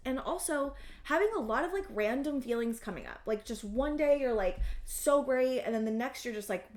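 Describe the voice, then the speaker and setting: A young woman giving a collective tarot reading, rambling with many fillers and gently reassuring the listener. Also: high-pitched, lively intonation, normal speed, hardly any pauses, reverberant. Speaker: tarot reader.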